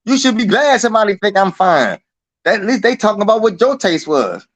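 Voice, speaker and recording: A man's voice: high-pitched, a little fast, no echo. A man guest in a casual, profane chat who acts out quotes in a raised voice. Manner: animated, swears a lot, acts out quotes in a raised voice. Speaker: interview guest.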